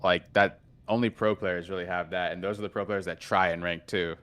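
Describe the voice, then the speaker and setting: A man's voice: low-pitched, steady tone, a little fast, fairly bright tone, clean tone. A man chatting casually on a gaming stream, often repeating words as he starts a thought.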